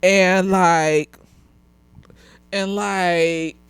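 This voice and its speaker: A woman's voice: on the low side, steady tone, drawn-out words, clear, resonant tone, no room sound. A slightly tipsy woman, animatedly reviewing a TV show in casual chat, laughing often and swearing freely.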